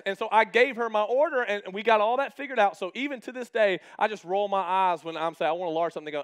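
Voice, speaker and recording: A male pastor in his thirties with a high-pitched voice tells stories in a loose, conversational sermon. He jokes with the congregation and plays out both sides of his quoted exchanges. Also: fast, few pauses, a bit bright, smooth. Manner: chatty and humorous, acting out quoted exchanges. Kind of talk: casual storytelling sermon.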